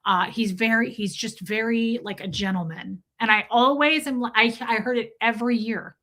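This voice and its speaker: A woman's voice: on the high side, steady tone, normal speed, sharp tone. A middle-aged woman hosting a casual livestream, chatting in a rambling way, filling her talk with "like" and greeting commenters by name mid-story. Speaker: livestream host.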